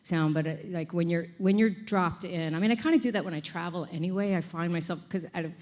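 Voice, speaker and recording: Woman, middle-aged, lower voice, interview guest, animated, laughs a lot. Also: fast talker. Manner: laughs often, animated storytelling. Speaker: actress guest. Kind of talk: casual interview chat.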